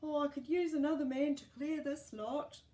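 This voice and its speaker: A woman's voice: sits high, fairly even intonation, moderate pace, dark tone, voice pushed up, natural voice. A woman voicing a cheerful, very old man in a children's storybook reading, hearty and chuckling through his catchphrase. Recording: roomy, distant mic.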